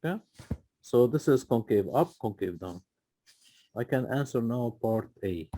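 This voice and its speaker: A man's voice: mid-range voice, lively intonation, measured pace, mellow, dry recording. Patient man tutoring math. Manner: patient, repeats "okay?" to check understanding. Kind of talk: live tutoring session.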